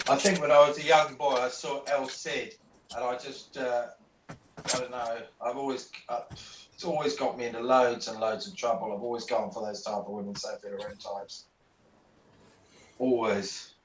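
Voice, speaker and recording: A man's voice: mid-range voice, a little slow, pauses often, background noise. Male hobby-chat participant, theatrical turn of phrase, distant and echoey pickup. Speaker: participant in online paint and chat. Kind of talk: casual group chat.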